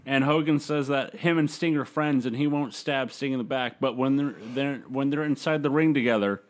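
A man's voice: mid-range voice, moderate pace. A man casually recapping a wrestling show on a podcast, rambling with fillers. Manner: loose, rambling recap with fillers and quoted voices. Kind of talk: casual chat, play-by-play recap.

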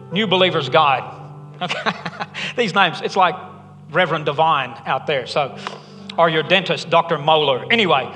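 A man's voice: fairly high pitch, bright, forceful tone. A man preaching a sermon as pastor, conversational and earnest with joking asides. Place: church hall. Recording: long hall reverb, faint music.

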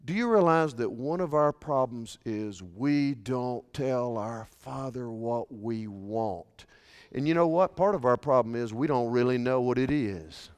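A man pastor preaching a sermon, swinging from hushed, intimate lines to shouted, passionate ones. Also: mid-range voice, a little slow, clean tone. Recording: long reverb of a large hall.

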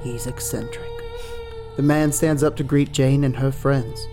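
A woman's voice: a bass voice, steady tone, unhurried, dark tone, faint music behind. A woman playing a tabletop game, chatting playfully and taking over the narration for a while. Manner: playful, laughing. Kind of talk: casual chat and game narration.

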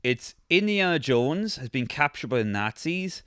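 A man's voice: fairly high pitch, very animated, normal speed, a bit bright, smooth, no echo, studio quality. A man co-hosting a podcast, reviewing a film in a casual chat with a rambling, jokey delivery full of fillers. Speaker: podcast co-host.

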